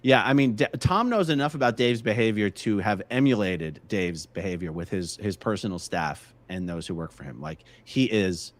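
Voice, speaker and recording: A man's voice: lowish voice, lively intonation, moderate pace, hardly any pauses. A man hosting a casual live stream, chatting and answering viewer questions from the chat. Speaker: livestream host.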